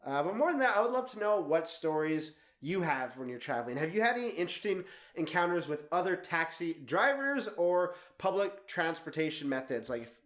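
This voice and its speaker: A young man in his twenties telling a travel story in a vlog, animated and laughing often as he talks. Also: on the high side, a little fast, hardly any pauses, reverberant. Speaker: travel vlogger.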